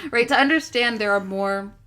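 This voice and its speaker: Bright playful young woman. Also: on the high side, a little hiss or hum. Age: young adult. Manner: joking, playful, swears and apologizes. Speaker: guest. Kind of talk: casual chat.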